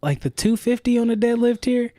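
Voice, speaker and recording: Guy cohosting a podcast, swears a lot, animated, mellow dark voice, dry sound. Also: very high voice, a little fast, no room sound, faint music behind. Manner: loose, profane, animated storytelling. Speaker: podcast co-host. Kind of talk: casual chat.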